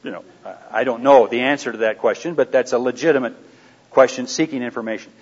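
A man talks to a live audience in a middle-pitched, conversational voice, asking questions and slipping into quiet asides. The recording is dull and lo-fi. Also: fast talker, breathy edge. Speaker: seminar speaker. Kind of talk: anecdotal teaching to a live audience.

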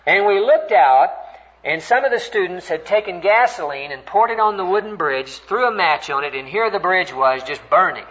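An older man preaching a sermon, earnest and animated as he tells a story, voice climbing high when stirred. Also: normal speed. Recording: dull, lo-fi recording.

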